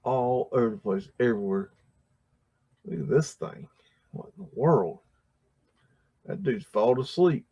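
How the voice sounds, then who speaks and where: A man's voice: medium pitch, lively intonation, a little slow, pauses often, dark tone, breathy edge, muffled recording. A man hosting a livestream, talking casually through old photographs in a rambling way, with many fillers and restarts and frequent chuckles. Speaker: livestream host.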